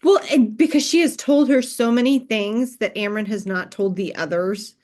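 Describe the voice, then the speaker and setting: A woman co-hosting a casual book podcast, chatty and quick to laugh and agree. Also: on the high side, a little mellow. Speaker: podcast co-host. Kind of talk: casual book recap chat.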